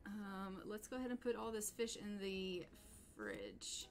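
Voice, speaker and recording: A woman's voice: mid-range voice, sing-song, a little slow, soft background music. A woman doing casual live commentary while playing a life-sim game, chatting to her characters and viewers. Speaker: streamer.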